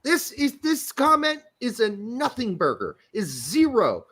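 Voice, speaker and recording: A man hosts a casual soccer podcast with a lively, swooping delivery. He hammers his points home by repeating them, and he swears freely as he goes. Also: very high-pitched, unhurried, slightly rough. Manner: emphatic, repetitive, profane. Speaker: podcast host. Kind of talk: casual soccer commentary chat.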